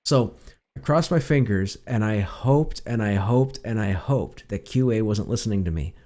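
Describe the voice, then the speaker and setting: A man streaming and casually telling a long story, rambling with frequent restarts, in a calm voice that others call soothing. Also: fairly low pitch, normal speed.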